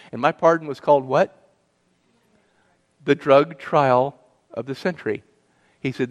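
A man's voice: fairly high pitch, animated, normal speed, long pauses. Middle-aged man telling his testimony in a reverberant hall. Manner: earnest storytelling, questions to the audience. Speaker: guest speaker. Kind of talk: personal testimony talk.

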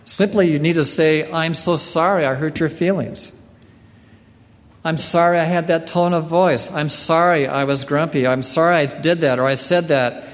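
A man giving a sermon in a slow, earnest way, often clearing his throat. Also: fairly high pitch, steady tone. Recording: long hall reverb.

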